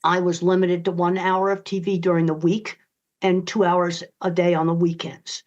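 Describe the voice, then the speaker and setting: A woman's voice: on the low side, flat delivery, moderate pace, a little mellow. An older woman answering interview questions in a blunt, emphatic, direct way. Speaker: guest author. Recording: dull lo-fi audio.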